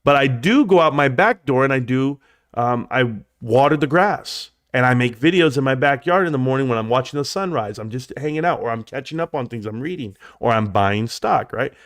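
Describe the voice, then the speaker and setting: A man spins a long story on his livestream with a very lively pitch that leaps up whenever he acts out what someone said. He rambles and then drops into quiet low asides. The sound is close and dry, with no room echo. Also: fairly quick. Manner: animated, jumps high in pitch when acting out quotes. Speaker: livestream host. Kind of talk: casual storytelling.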